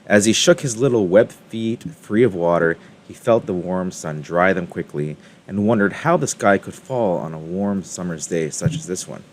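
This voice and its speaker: A man's voice: sits low, normal speed, hardly any pauses, a little hiss or hum. A man hosting a crypto mining video, casually chatting and reading a children's story aloud with ums and self-corrections.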